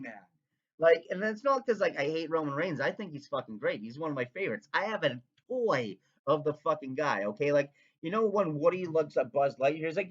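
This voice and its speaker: Excitable Canadian guy, swears constantly, rambling rant; a bit higher-pitched; dull lo-fi recording. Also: brisk. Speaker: vlogger. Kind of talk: casual rant.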